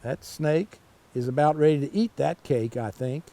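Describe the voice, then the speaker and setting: An older man reading a children's picture book aloud, pausing to chat about the pictures. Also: a little high, no room sound. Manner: slow, lively storytelling with asides about the pictures. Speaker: storytime reader.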